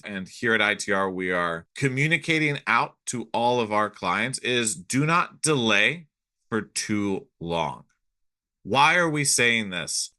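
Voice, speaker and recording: A man, an economist and speaker, giving a scripted business briefing, measured and putting emphasis on key phrases. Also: medium pitch, pushed and bright.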